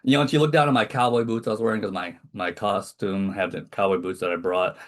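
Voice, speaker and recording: A man's voice: on the low side, steady tone, fast. A man hosting a casual podcast over a video call, rambling and self-deprecating as he talks. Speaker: podcast host. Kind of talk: casual chat.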